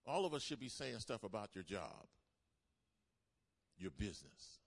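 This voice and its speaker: Delivering a sermon at a church service, this man speaks at a measured pace in a fairly low, creaky voice with big swings in pitch. His style is call-and-response, driving points home by repeating key lines and inviting the congregation to respond.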